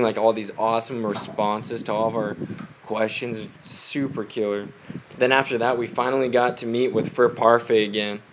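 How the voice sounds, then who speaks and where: In a relaxed update to his family, a young missionary rambles on, laughing frequently and saying "like" again and again, his voice a little stuffy from a cold. He speaks at a fairly low pitch, with slight background noise.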